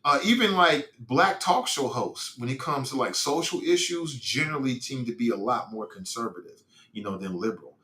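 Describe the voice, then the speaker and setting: Man, middle-aged, podcast host, bright tense voice, rambling slang-filled delivery, roomy echoing space. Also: medium pitch, animated, moderate pace. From Cincinnati, United States. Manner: loose, rambling, frequent restarts and slang. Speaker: podcast host reading live chat. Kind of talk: casual livestream talk.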